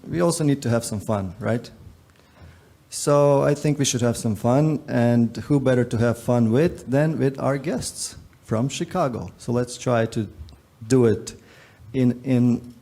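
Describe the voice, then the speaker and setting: A man moderating a conference panel in a relaxed, joking way, with frequent fillers. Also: medium pitch. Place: conference stage.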